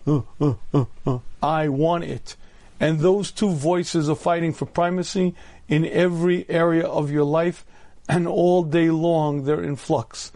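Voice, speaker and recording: A man in his fifties, a rabbi giving a storytelling Torah lecture, often clearing his throat and using humor. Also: fairly high pitch, a little mellow. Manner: humorous, acts out voices in anecdotes.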